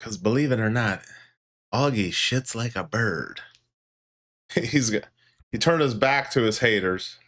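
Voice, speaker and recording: A man's voice: on the low side, unhurried, pauses often, fairly bright tone. A man hosting a casual livestream, joking with his chat and talking to his pet parrot, laughing often and swearing casually. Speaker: livestream host.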